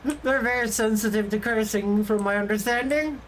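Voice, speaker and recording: A woman's voice: fairly high pitch, normal speed, a little hiss or hum, low-quality recording. A woman streaming from her desk, telling travel stories in a casual, chatty way and laughing often. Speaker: VTuber streamer. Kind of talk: casual stream chat, storytelling.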